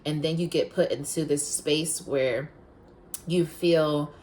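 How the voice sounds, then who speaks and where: Woman host, very low voice, casual confessional storytelling, frank and profane. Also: fairly even intonation, takes it slowly, a little mellow, slight background noise. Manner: blunt, frank, swears freely; heated and emphatic when retelling conflict. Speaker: podcast host.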